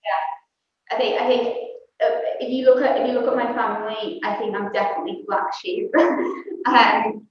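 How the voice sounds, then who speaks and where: A woman guest sharing her personal story candidly and a little hesitantly, with soft laughs. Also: a little high, fairly even intonation, moderate pace. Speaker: interview guest. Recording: echoey, distant, dull remote audio with faint noise.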